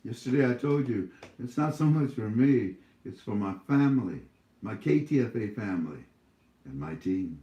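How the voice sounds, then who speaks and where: A man's voice: fairly low pitch, lively intonation, normal speed, roomy sound, highs cut off. A man hosting his own YouTube channel, talking casually to viewers from home in a scolding, preachy way, rambling with many fillers.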